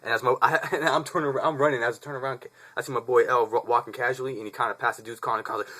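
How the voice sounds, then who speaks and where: A man's voice: mid-range voice, rapid-fire, few pauses, bright, forceful tone. A man in his twenties casually telling a story to the camera, rambling, profane and slangy. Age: 20s. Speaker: vlogger.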